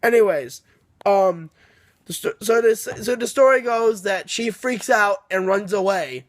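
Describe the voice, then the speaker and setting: A man's voice: high voice, measured pace, dry recording. A young man casually recapping a book, rambling, swearing and apologizing as he laughs along. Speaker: book reviewer. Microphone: phone camera.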